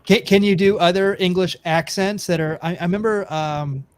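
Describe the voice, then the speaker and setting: Giggly podcast host, slightly higher voice, halting and chatty. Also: male voice, clear, resonant tone. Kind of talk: casual podcast banter.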